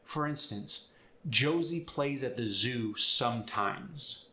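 Bright-voiced accent coach. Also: male voice, medium pitch, expressive, takes it slowly, reverberant. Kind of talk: instructional video.

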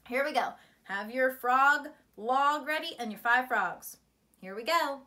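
A woman's voice: high voice, a little slow, sharp tone. A woman teacher speaking to young children in an encouraging storytime lesson. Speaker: primary school teacher.

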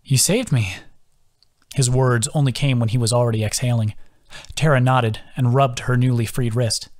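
A man's voice: medium pitch, normal speed. A man, the author, reading his own fantasy novel as scripted audiobook narration. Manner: steady storytelling.

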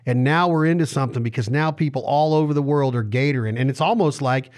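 A man's voice: medium pitch, fast talker, darkish tone. A man hosting a podcast over a video call, joking and riffing on wordplay, with a Western American accent. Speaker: podcast host. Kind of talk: casual chat.

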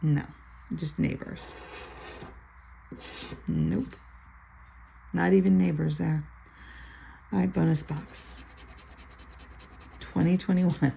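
A gravelly, fairly low-voiced older woman chats casually while scratching lottery tickets, calling out numbers and half-muttering asides. A faint hum of room noise sits under her voice. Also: animated, slow, pauses often, dark tone, low-quality recording. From Florida.

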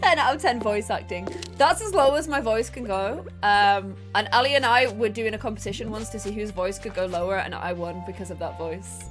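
A woman's voice: mid-range voice, fairly quick, few pauses, faint music behind. A young woman hosting a casual gaming live stream, bubbly and giggly, chatting to her viewers and co-op friends. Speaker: streamer and host.

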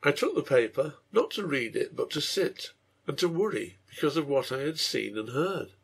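A man reading his own translation of a serial story aloud, in a measured storytelling manner, with a gravelly, husky voice. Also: a little high, big pitch swings. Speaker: reader and translator.

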